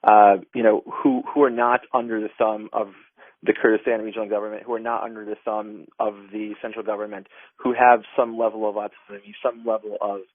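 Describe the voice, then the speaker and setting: This is a phone-in radio interview with an advocacy group director whose fairly low voice barely rises or falls. He speaks at a fairly quick clip, the sound is tinny with no echo, and his earnest answers are full of fillers and false starts.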